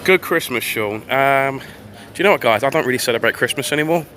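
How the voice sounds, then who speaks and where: A man's voice: medium pitch, quick pace, sharp tone. A man livestreaming a rambling, profane commentary while walking outdoors on a town street. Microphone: phone livestream.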